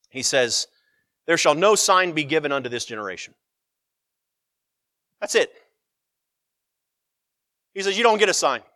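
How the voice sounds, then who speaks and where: Man, sermon storytelling, high lively voice, bright tone, dry sound, acts out quotes. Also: no echo. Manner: animated storytelling, acts out quotes, finds scripture funny. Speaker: preacher. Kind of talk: sermon with Bible reading.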